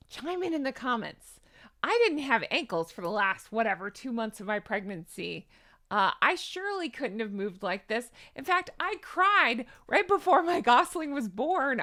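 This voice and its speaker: A woman's voice: on the high side, sing-song, moderate pace, a bit bright. A woman hosting an opinionated celebrity commentary, sarcastic and incredulous, hedging her claims with asides. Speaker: commentary host.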